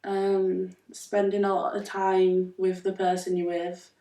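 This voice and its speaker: A woman on a discussion panel talking very slowly, hesitant and full of fillers. Her low, mellow voice comes from away from the mic in an echoey room. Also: completely flat delivery, far from the mic. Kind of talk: casual panel talk.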